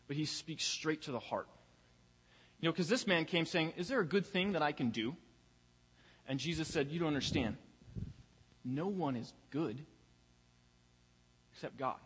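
A man's voice: fairly high pitch, fairly bright tone, breathy edge. A young man preaching a sermon in a church, talking conversationally and often repeating words as he finds his place. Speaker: pastor. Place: church sanctuary. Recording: long reverb of a large hall.

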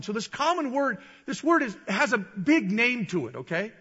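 A male preacher delivers a sermon with a high, bright voice, animated and given to shouted peaks. The sound is dull and carries a long reverb from a large hall. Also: moderate pace, hardly any pauses, breathy edge.

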